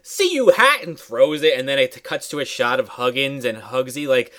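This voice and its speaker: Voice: mid-range voice, fairly even intonation, normal speed, fairly bright tone. A speaker in casual movie-recap chat, wry and profane, mimicking characters. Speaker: podcast co-host.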